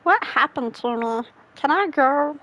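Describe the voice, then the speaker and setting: A woman's voice: high-pitched, animated, a little slow, fairly bright tone, poor audio. A woman gamer reading game text aloud in a casual let's play, giggly and playful.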